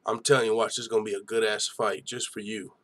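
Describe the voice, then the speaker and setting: A man's voice: lowish voice, flat delivery, quick pace, fairly bright tone. A young man hosting a live fight-night stream, giving hyped, slangy reaction commentary and chatting with viewers.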